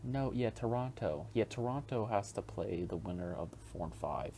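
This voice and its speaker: A young man hosts a casual solo podcast in a lowish, expressive, creaky and mellow voice at a moderate pace, with a bit of hiss or hum in the recording. He rambles, swears freely and chuckles often.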